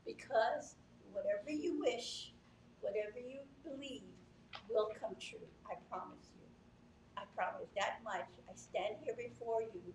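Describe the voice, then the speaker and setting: A woman in her sixties giving an earnest, unhurried testimony to a congregation. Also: a little high, a little mellow. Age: 60s. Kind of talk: heartfelt testimony. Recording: echoey room from a distant mic, faint noise.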